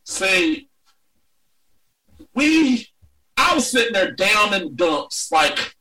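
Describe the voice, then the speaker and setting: A man's voice: high-pitched, takes it slowly, pauses often, recorded from a distance, low-quality recording. A man co-hosting a casual sports chat, ranting and swearing with lots of energy. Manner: profane, ranting, animated. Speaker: podcast co-host.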